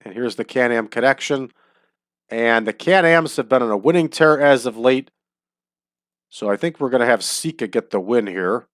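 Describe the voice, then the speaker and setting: A man's voice: medium pitch, expressive, normal speed, a bit bright, no room sound, clean studio sound. A man hosting a casual let's-play of a wrestling booking game, upbeat and chatty, often breaking into laughter. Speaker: host.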